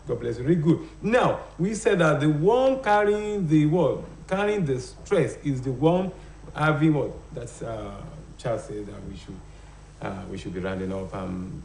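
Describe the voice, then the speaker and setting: A man's voice: medium pitch, darkish tone, roomy sound, a little hiss or hum. A man teaching phonology on a live TV show, hesitating often and asking rhetorical questions. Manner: hesitant, many fillers, rhetorical "what?" questions. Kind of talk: live broadcast lesson. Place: TV studio.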